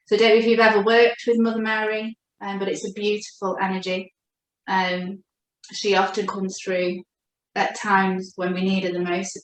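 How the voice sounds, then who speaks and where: A woman giving a gentle, reassuring spiritual chakra reading as a coach. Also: medium pitch. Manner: gentle, reassuring, speaks slowly when addressing her guide. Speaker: oracle card reader and coach. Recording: echoey room.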